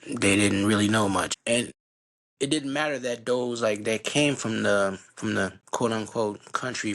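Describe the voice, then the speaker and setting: A middle-aged man from Haiti, a podcast guest telling animated, slangy stories about growing up. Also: on the low side, vocal fry. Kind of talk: casual storytelling conversation.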